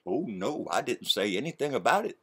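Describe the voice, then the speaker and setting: A man's voice: mid-range voice, sing-song, fairly quick, sharp tone, breathy edge, pitched below the performer's own voice, heavily acted. A man mocking a sulky, evasive young man.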